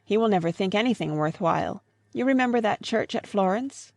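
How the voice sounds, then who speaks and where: A woman reading a gentle grieving old father in an audiobook, earnest and pleading, in a mid-pitched voice with a dry, close sound and no room echo. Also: animated, a little fast, lightly acted.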